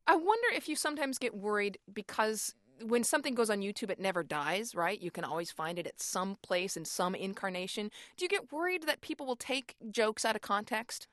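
Female host interviewer, mid-pitched voice, dry close studio sound, probing and curious. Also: expressive, fairly quick, hardly any pauses, a bit bright, no echo. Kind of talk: broadcast interview questions.

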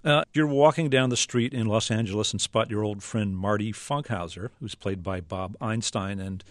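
Measured male radio host. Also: lowish voice, dry recording, clean studio sound. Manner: measured, scripted introductions. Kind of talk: radio interview. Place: radio studio.

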